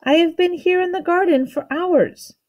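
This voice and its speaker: A woman's voice: very high voice, moderate pace, darkish tone, pitched above the performer's own voice. A woman reading aloud and voicing an amused, playful male king who gives orders in a teasing way. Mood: commanding. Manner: commanding yet teasing.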